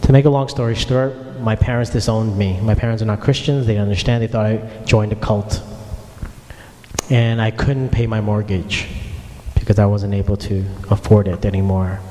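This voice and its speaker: A pastor with a fairly low, steady, dark voice preaches at a moderate pace, earnestly sharing his personal testimony and speaking directly to the congregation. The recording has a long hall reverb and a little hiss or hum.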